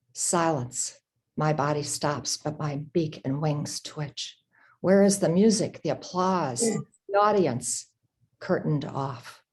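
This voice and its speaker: A woman reading her prose aloud at a literary event, in a measured, slow, dramatic way. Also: low voice, darkish tone. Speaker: reader.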